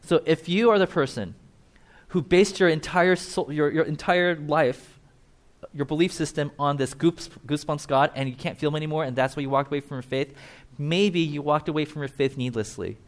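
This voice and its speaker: A male preacher with a somewhat high voice delivers a conversational sermon. He talks straight to his listeners and slips into quick acted-out voices for the people he describes. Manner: conversational, animated, acts out quotes. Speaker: pastor.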